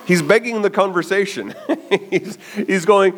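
A man preaching a sermon as a pastor, telling the story with animated delivery and often checking in with "okay?". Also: high voice, moderate pace.

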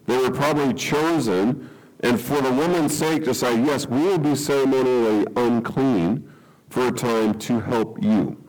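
A man's voice: mid-range voice, darkish tone, poor audio. A man preaching a sermon, explaining a Bible passage and checking in with the listeners with frequent "okay?" and light chuckles. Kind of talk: sermon teaching.

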